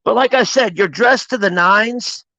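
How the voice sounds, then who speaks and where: A high-pitched man delivering a live-streamed motivational talk. He preaches with emphatic insistence and swears freely. The sound is dry, close and slightly dull, like lo-fi stream audio. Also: a little slow, sharp tone, dry recording. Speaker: motivational livestreamer.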